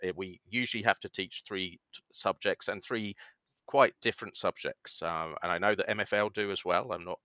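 Male guest, deep but bright and forceful tone, dry close sound, halting explainer. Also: steady tone, no room sound. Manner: hesitant, explanatory, many fillers. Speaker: guest, science education researcher. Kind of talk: conversational podcast interview.

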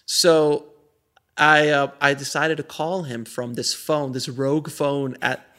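A man, a filmmaker guest, chatting casually in an interview and telling animated stories with frequent laughs and restarts. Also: a little high, slow. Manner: animated storyteller, laughs often, many restarts.

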